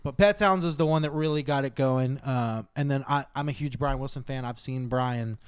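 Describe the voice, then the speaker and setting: A man's voice: medium pitch, moderate pace, clean tone. A man co-hosting a podcast, chatting casually and enthusiastically about favorite albums. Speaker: podcast co-host. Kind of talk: casual chat.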